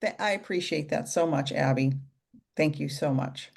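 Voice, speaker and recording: A woman hosting an online workshop, warmly guiding and encouraging participants. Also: sits low, normal speed, gravelly, slightly rough.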